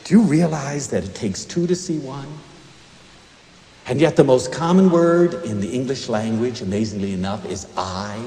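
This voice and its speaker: A man giving an emotional, expressive inspirational lecture as a university lecturer, swinging between hushed and emphatic delivery. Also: medium pitch, normal speed, slight background noise. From United States. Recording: echoey lecture hall recording.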